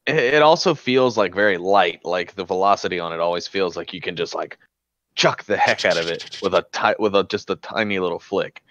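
A man co-hosting a casual game recap show, relaxed and talking with lots of fillers. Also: sits low, fairly quick, no room sound, dull audio. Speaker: co-host.

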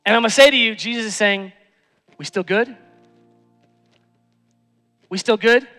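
High, bright-voiced preacher man. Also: measured pace, big-room sound, soft background music. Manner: dramatic shifts between hushed intimacy and loud emphasis. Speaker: pastor. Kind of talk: sermon. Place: church sanctuary.

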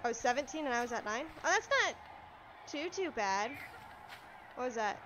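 A woman giving live commentary over her gameplay, excitable, yelping and talking back to the enemies on screen. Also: a little high, normal speed, a little hiss or hum. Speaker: let's play streamer.

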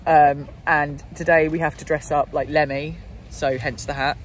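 A woman's voice: low voice, steady tone, normal speed, a little hiss or hum. A woman vlogging casually from a rainy festival campsite, chatty and giggly, swearing freely.

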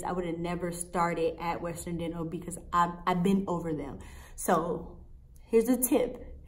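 Profane, exasperated young woman ranting. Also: mid-range voice. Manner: profane, animated, exasperated storytelling. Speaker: vlogger. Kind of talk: casual storytime rant.

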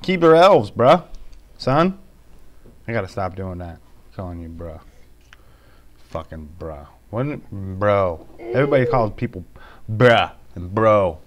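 A man in his thirties hosts a loose home vlog with his kids. He talks in a relaxed, joking way and swears casually. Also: on the low side, measured pace, pauses often. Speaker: YouTube reviewer, father.

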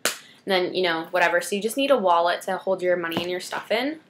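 A woman's voice: fairly low pitch, lively intonation, fast, heavy background noise. A teenage girl talks to camera in a casual beauty vlog. She rambles with chatty asides and backtracks. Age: teens. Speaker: beauty vlogger.

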